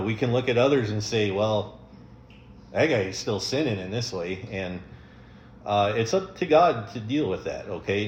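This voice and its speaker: A man's voice: fairly low pitch, echoey room, a little hiss or hum. A man preaching a sermon as pastor, in a conversational way with frequent ums and light chuckles.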